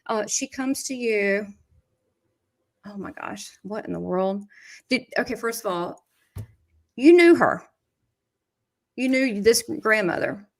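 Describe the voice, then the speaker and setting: A psychic medium with a Southern US accent gives a live reading, chatting, laughing often and passing on quotes from spirit. Her mid-range voice is animated but slow, with frequent pauses.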